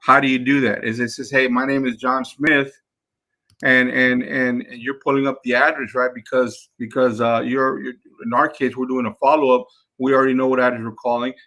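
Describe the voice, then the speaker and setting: A man coaching his team in a casual talk, repeating himself and acting out phone calls with sellers. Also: mid-range voice. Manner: energetic, repeats words, acts out phone calls. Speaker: real estate investing coach.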